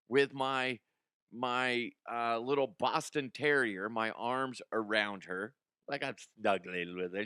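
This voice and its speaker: A man's voice: medium pitch, bright, forceful tone, no room sound. A middle-aged man hosting a comedic news podcast from a studio, telling a rambling personal story and laughing at his own jokes. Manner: rambling, self-amused storytelling with frequent laughs. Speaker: podcast host.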